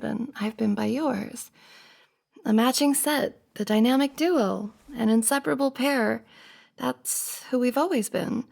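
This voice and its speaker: A young woman in a whispered role-play, playing a flustered best friend who talks softly and earnestly, pleading and hesitant. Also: on the high side, creaky. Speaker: ASMR roleplay performer.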